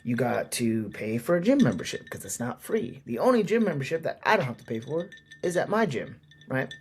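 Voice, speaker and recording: A man's voice: medium pitch, big pitch swings, a little fast, darkish tone, slight background noise. A man hosting his own podcast, talking candidly in a rambling, casual way with lots of fillers. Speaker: podcast host. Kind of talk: casual solo podcast monologue.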